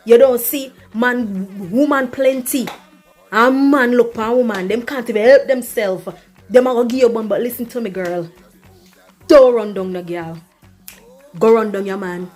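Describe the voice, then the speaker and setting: A woman's voice: fairly high pitch, normal speed, a little mellow, faint music behind, lightly acted. A woman voicing a blunt, unbothered young Jamaican woman in a comedy skit, lecturing in a patois-laced, dismissive way.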